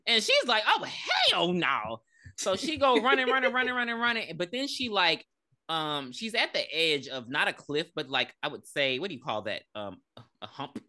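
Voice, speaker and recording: A woman recaps a horror film for a podcast in a lower, bright voice. Her pitch swings widely as she talks. She is loose, profane and animated. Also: fairly quick. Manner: profane, animated storytelling with laughs. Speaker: podcast co-host. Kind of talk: casual movie recap chat. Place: podcast recording.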